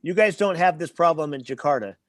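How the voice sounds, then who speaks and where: A man's voice: fairly high pitch, fairly quick, dry recording. A man as the guest speaker and trainer in an interview, explaining with everyday examples and stopping to check in with the listener.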